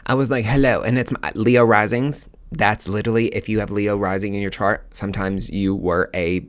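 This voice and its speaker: A man hosting his own show, telling a personal story in a casual, animated way, with swearing and dramatic asides. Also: lowish voice, normal speed. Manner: animated, profane, dramatic retelling. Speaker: podcast host.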